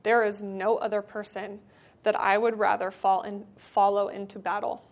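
A woman's voice: mid-range voice, little pitch movement, normal speed. A woman speaking earnestly to a church community in a conversational devotional talk, then reading a storybook aloud. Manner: earnest, conversational, with filler words.

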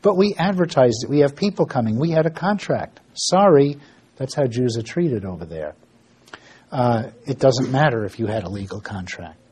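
Man, mellow husky voice, casual ministry storyteller, halting with fillers. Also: medium pitch, animated. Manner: storytelling with frequent fillers and restarts; acts out dialogue in quoted voices. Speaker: ministry worker giving an update. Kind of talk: informal spoken ministry report.

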